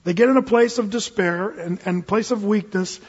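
High-voiced man preaching in echoing hall. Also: moderate pace, husky. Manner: animated, acts out scripture characters with big swings in pitch and volume. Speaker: pastor. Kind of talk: sermon. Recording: muffled recording with long hall reverb.

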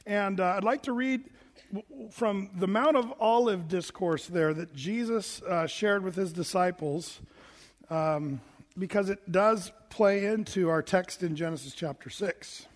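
A man's voice: sits high, a little slow, in a large hall. A man preaching a sermon in a chatty, rambling way, full of fillers and restarts. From United States. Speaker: pastor.

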